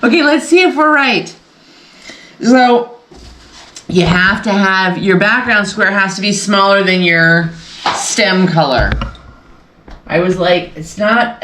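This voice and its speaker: A woman's voice: medium pitch, a bit bright, reverberant, slight background noise, rough recording. A woman hosting a casual sew-along quilting vlog from her home sewing room, talking in a chatty, rambling way and laughing often. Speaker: quilting channel host.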